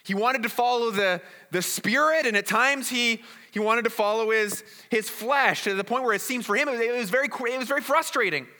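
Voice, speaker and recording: A man's voice: very high voice, fairly quick, few pauses, pushed and bright. A man preaching a sermon in a conversational way, often repeating words and asking "right?". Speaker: pastor. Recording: reverberant hall.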